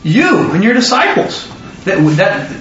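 Heard from a distance in an echoey, dull room, a man leads a Bible study sermon in a high, sing-song, somewhat bright voice. He fires off quick questions at his listeners and pauses for their replies.

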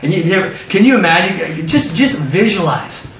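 Lively male preacher, high pitch, plays the scripture figures in voices; dull lo-fi distant room recording. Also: moderate pace, slight background noise. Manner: animated, acts out biblical figures in excited voices. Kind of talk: sermon. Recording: roomy, distant, dull lo-fi sound.

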